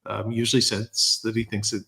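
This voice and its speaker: A man's voice: on the low side, completely flat delivery, brisk, gravelly, sharp tone. Man telling a story with dry humor. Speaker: podcast guest, filmmaker. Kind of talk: casual storytelling chat.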